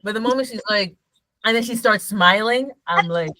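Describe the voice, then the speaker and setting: A podcast co-host chats casually and teases with heavy slang. The voice is bright, and the recording is dry and close. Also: mid-range voice, moderate pace, no room sound, poor audio. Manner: slangy, joking, teasing. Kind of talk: casual chat.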